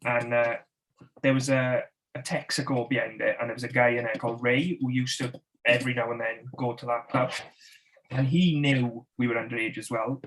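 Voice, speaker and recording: A man tells his anecdotes in easy conversation, chuckling as he goes and putting on voices for the people in his stories. His voice sits in an ordinary middle pitch for a man. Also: little pitch movement, moderate pace, fairly bright tone, a little hiss or hum, rough recording. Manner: laughing anecdote telling with acted quotes. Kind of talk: casual chat.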